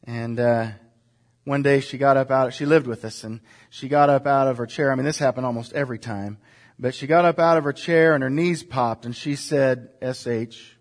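A man's voice: medium pitch, steady tone, normal speed. A man preaching a sermon, asking rhetorical questions and leading the congregation to repeat lines together. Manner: rhetorical questions, shifting from soft to emphatic. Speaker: pastor.

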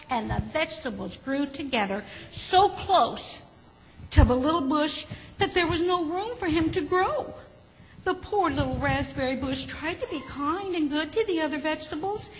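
A woman reading a children's story aloud, gently and expressively. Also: sits high, lively intonation, moderate pace. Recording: hall with faint background noise.

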